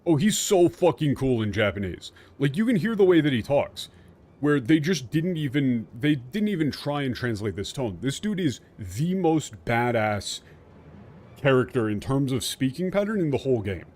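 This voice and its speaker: A man streaming a game, casually explaining the translation in an animated, profane way. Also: mid-range voice, normal speed.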